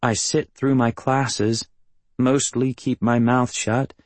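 A man's voice: medium pitch, flat delivery, takes it slowly, no room sound. Matter-of-fact male audiobook narrator. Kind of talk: first-person audiobook narration.

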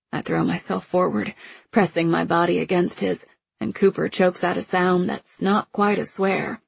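Low-voiced woman for first-person audiobook narration, gravelly and husky, close and dry. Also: no room sound.

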